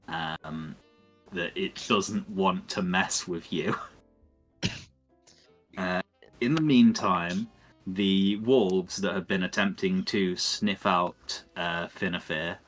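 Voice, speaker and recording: Slow, low-voiced man running a tabletop game. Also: a bit bright. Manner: measured, descriptive, thinking aloud. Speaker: dungeon master.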